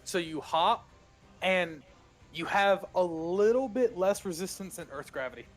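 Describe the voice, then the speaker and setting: A man runs a tabletop game as its game master, narrating scenes in a slightly high voice. He halts often, fills gaps with "uh", and chuckles between lines. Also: faint music behind. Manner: halting narration with fillers and chuckles.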